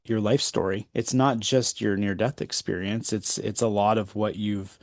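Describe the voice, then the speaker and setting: A man's voice: fairly low pitch, steady tone, normal speed, no room sound, clean studio sound. A man hosting an interview, speaking appreciatively to his guest. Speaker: interview host.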